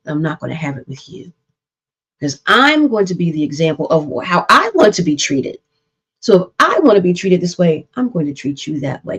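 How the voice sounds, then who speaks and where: With a lowish, husky voice, this woman therapist and show host leads a live-streamed discussion about relationships, earnestly hammering home points through preacher-style repetition.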